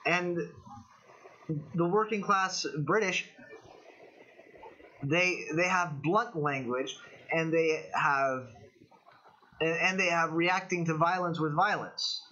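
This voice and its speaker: A man's voice: fairly high pitch, steady tone, slow, long pauses, sharp tone. A young man with a Californian American accent, hosting a casual livestream of political commentary, rambling with opinions and answering chat. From United States. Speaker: livestream host. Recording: dull lo-fi stream audio.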